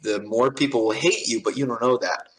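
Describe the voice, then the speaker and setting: A man guest on a casual podcast, talking at a middling pitch. He tells blunt, sometimes profane stories and acts out other people in raised voices. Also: fast talker, slight background noise, poor audio. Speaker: podcast guest, airsoft company owner.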